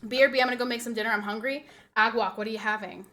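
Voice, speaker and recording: A woman's voice: a little high, steady tone, rapid-fire, bright, forceful tone. A woman streamer chatting casually with her viewers, rambling and laughing often as she reads and answers chat.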